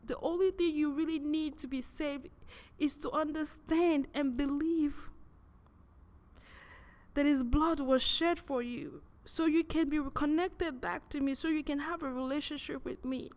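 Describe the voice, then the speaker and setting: A woman voicing God as a soft, caring, loving presence who speaks tenderly and repeats phrases as if pleading. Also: sits high, steady tone, measured pace.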